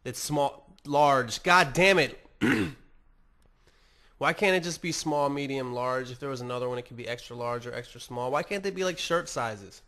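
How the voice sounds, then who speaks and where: A man's voice: medium pitch, moderate pace, a bit bright. A man hosting a podcast, rambling casually and swearing a lot while mocking himself. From United States. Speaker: podcast host. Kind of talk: casual profane monologue.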